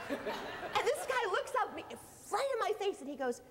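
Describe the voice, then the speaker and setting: A woman giving a storytelling keynote talk to a conference audience, theatrical and animated, swinging from loud exclamations to hushed asides. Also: sits high, normal speed, long reverb tail, a loud crowd, very noisy. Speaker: keynote speaker. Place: conference hall before an audience.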